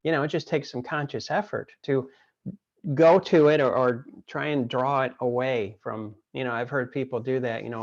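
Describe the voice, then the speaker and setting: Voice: mid-range voice, steady tone, normal speed. Enthusiastic podcast host, muffled audio. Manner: enthusiastic, chatty, repeats phrases. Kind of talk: casual interview chat.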